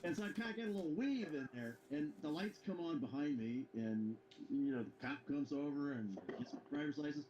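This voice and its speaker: A man's voice: a little high, expressive, brisk, few pauses, rough recording. A man in casual chat, telling a story with animation and chuckling as he goes. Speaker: co-host.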